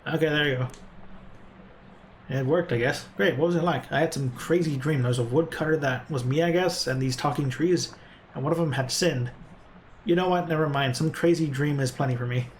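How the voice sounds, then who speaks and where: A man's voice: fairly high pitch, brisk, a little hiss or hum. A man streaming a game, reading its text and dialogue aloud with small stumbles and self-corrections.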